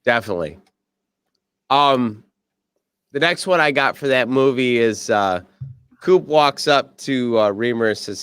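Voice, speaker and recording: Lively, foul-mouthed man on a podcast. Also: medium pitch, a little slow, long pauses, smooth, no room sound, studio quality. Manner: swears freely, acts out movie quotes. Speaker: podcast co-host. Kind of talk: casual chat.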